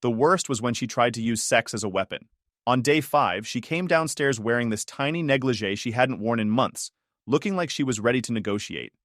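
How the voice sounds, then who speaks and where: A man's voice: medium pitch, lively intonation, a little fast, fairly bright tone, dry recording. A young man narrating his own story in a dry, sardonic tone. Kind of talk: scripted first-person story narration.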